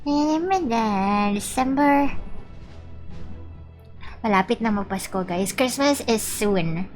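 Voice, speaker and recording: A woman chats bubbly and casually with her stream viewers, reading out chat as she plays. Her voice sits slightly high, over faint background music. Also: lively intonation, slow, a little mellow.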